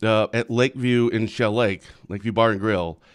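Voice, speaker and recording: A man's voice: lowish voice, fairly even intonation, normal speed, smooth. A man with an Upper Midwest American accent co-hosting a casual talk show, who laughs easily and tells stories with playful teasing. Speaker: co-host, news site founder. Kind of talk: casual chat.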